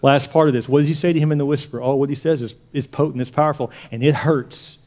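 Male pastor, sermon, high voice, animated, loud to hushed. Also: fast. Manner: animated, swinging from loud punches to hushed near-whispers.

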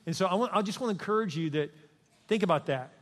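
An older man preaching a sermon as pastor, emphatic and repetitive, dropping to a soft voice for prayer. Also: high-pitched, expressive, quick pace. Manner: emphatic, repeats lines with the congregation, softens for prayer. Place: large church sanctuary. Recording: long reverb of a large church hall.

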